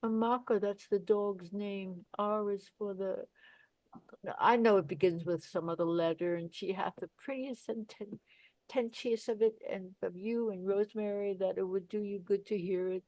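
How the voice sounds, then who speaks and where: A woman's voice: medium pitch, fairly even intonation, moderate pace, darkish tone, no echo, close to an everyday voice. A woman reading the part of an old, chattering female nurse, rambling and complaining with big swings in volume, in a Shakespeare play reading. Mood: chatty.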